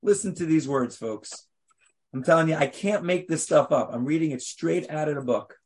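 A high-voiced man preaching a sermon as a rabbi. He tells the story with animated flair, firing rhetorical questions and shifting from loud bursts to hushed asides. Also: normal speed. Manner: swings between loud and hushed.

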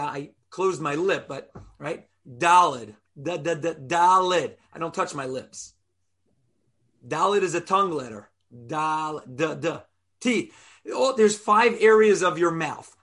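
A man with a fairly high voice teaches a Torah lesson. He is animated, keeps asking his listeners rhetorical questions, and sounds out Hebrew letters aloud to show how they are made.

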